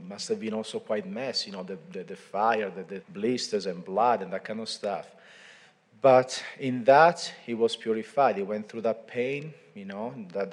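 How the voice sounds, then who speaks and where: A priest with a fairly low voice gives a homily, walking through scripture as if telling a story to friends. His words ring out with the long reverb of a large church. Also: a little mellow. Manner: informal storytelling, retelling scripture conversationally.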